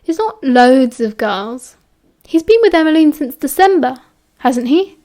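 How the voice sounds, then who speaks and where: A woman's voice: high-pitched, expressive, unhurried, warm tone. A woman with a British accent voicing a cheerful, teasing teenage schoolboy wizard who talks in a breezy, chatty way. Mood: cheery teasing.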